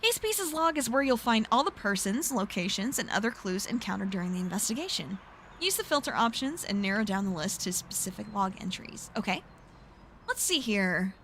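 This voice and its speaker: A woman's voice: mid-range voice, sing-song, fairly quick, fairly bright tone, slight background noise. A woman streaming a video game who chats and thinks aloud, with frequent giggles and playful asides. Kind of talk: casual live-stream commentary.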